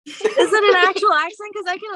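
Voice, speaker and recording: A woman's voice: very high voice, a little fast, bright, forceful tone. A woman as a guest on a comedy game show, playful and teasing, drawing out her answers. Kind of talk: casual comedic banter.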